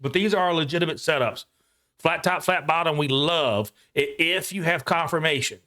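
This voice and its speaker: A man hosting a live trading session from home, thinking out loud about each trade in an excitable, casual way with the odd swear. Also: on the high side. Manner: excitable, talks fast to himself while trading, swears casually.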